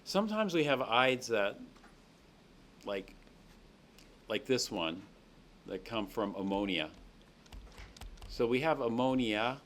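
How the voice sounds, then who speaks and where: A man's voice: mid-range voice, lively intonation, slow pace, pauses often, fairly bright tone, a little hiss or hum. A man teaching a chemistry class, explaining reactions step by step and checking in with students. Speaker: chemistry lecturer. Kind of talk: classroom lecture. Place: lecture classroom.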